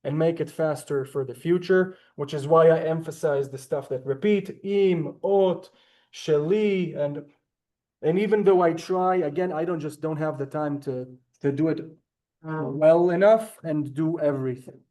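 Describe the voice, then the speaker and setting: A man's voice: a little high, unhurried, mellow. A man teaching a Hebrew class over a video call, talkative and courteous, often apologizing and saying ma'am. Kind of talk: online class lecture.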